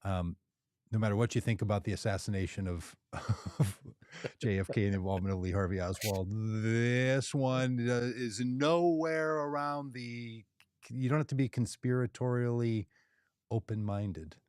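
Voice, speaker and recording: A man's voice: medium pitch, normal speed, a little mellow, smooth, no room sound, studio quality. A man co-hosting a casual political podcast, talking in a rambling, chatty way and laughing at himself. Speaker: podcast co-host.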